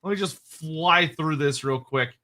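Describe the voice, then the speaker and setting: Male stream co-host, higher bright voice, chatty and self-correcting. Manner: quick, digressive, laughing, self-correcting. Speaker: co-host answering chat questions. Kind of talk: casual lore chat on a livestream.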